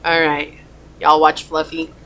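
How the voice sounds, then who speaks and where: A woman's voice: deep voice, completely flat delivery, a little slow, fairly bright tone, muffled recording. Chatty, emotional woman tarot reader. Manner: chatty, emotional, says y'all. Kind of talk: pick-a-card tarot reading.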